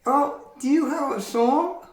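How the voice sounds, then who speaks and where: A man's voice: extremely high pitch, slow pace, roomy sound, voice pushed up, heavily acted. A man voicing a cheerful little male puppet friend who asks eager, chirpy questions.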